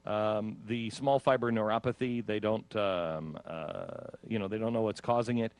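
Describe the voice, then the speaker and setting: A man's voice: lowish voice, moderate pace, darkish tone, clean tone. A man hosting a radio talk show, casually telling of his own ordeal and acting out his own panicked reactions with laughs. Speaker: radio host.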